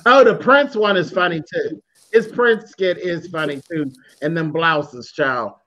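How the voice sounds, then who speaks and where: A man's voice: fairly high pitch, a little slow, sharp tone, highs cut off. A man hosting a casual chat, sassy and drawling, full of endearments. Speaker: host of an online chat.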